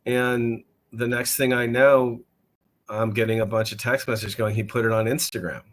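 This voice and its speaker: A man as a musician guest in a casual interview, talking in a halting way and often repeating words as he thinks. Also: mid-range voice, little pitch movement, fairly bright tone, rough recording.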